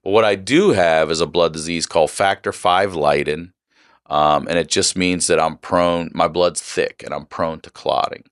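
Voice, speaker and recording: A man in his forties with a remarkably low, deep voice, telling a personal story as a podcast guest. He talks candidly and swears freely, leaning hard on his words. The sound is close and dry. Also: normal speed, smooth, dry recording. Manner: candid, profane, emphatic retelling. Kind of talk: casual storytelling.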